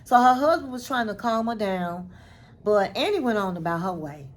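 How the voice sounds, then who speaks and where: Host voice: a woman, casual and animated, acts out quotes, says "honey". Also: medium pitch, normal speed. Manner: animated, dramatic retelling with acted-out quotes; chatty, says "honey" and "girl". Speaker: recap vlogger. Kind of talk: casual reality-show recap.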